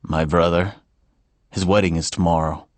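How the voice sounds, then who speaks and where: A man's voice: steady tone, normal speed, no echo, lightly acted. A man voicing a tired young musician. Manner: low, tired and mumbling. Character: weary young male musician traveling. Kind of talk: audiobook character voice.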